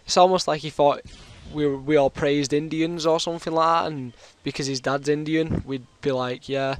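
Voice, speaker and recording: A man's voice: fairly high pitch, steady tone, normal speed, slight background noise. A British man with a sore throat, telling a long rambling story in casual chat over his gameplay. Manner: rambling, chatty, full of fillers. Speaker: gaming commentator.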